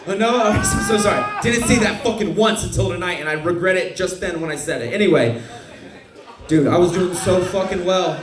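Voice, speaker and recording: Young male stand-up, brash and profane, higher voice, roomy club sound. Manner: brash, profane, rambling storytelling. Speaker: stand-up comic. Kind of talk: stand-up comedy set. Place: comedy club stage. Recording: echoey club room.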